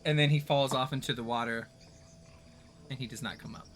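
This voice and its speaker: A man's voice: medium pitch, fairly even intonation, brisk, shouting, very noisy. A man running a tabletop game as game master, narrating events vividly and laughing easily.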